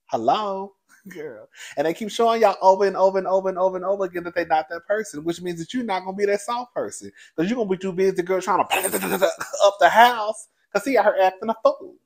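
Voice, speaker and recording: This reviewer and host gives a quick, gossipy rundown of a reality show straight to his regular audience, his fairly high, gravelly voice sliding up and down. He's animated and sassy, bursting into laughter and calling everyone "girl." There are hardly any pauses.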